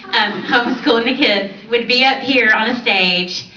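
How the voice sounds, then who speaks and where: A woman in her forties giving an animated personal testimony on a stage, laughing often as she tells her story. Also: a little high, normal speed, slight background noise. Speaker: speaker on stage. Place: large event hall on stage. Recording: roomy distant hall audio, dull.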